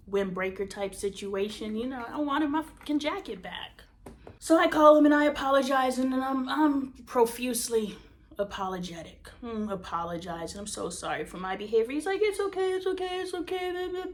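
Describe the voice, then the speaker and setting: Candid woman host telling a raw personal story. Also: medium pitch. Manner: candid and profane, emphatic; swings from loud emphasis to hushed near-whispers. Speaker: podcast host.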